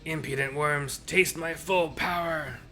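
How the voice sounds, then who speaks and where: Menacing robot villain head, male, boastful, grandiose threats, pitched a bit higher and louder than plain talk, put on by a man. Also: fairly even intonation, unhurried, soft background music.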